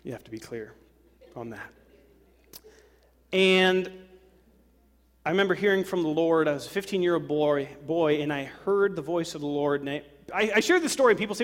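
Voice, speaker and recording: Preacher guy giving a sermon, bit high voice, big echoey church. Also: normal speed, pauses often. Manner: animated, acts out worried voices. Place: church sanctuary. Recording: long hall reverb.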